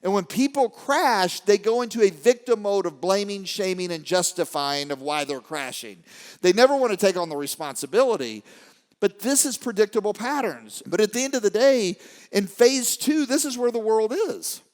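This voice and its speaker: A man giving an animated motivational talk to a live audience, swinging from quiet storytelling to shouting. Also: high-pitched, moderate pace. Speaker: motivational speaker. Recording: long hall reverb.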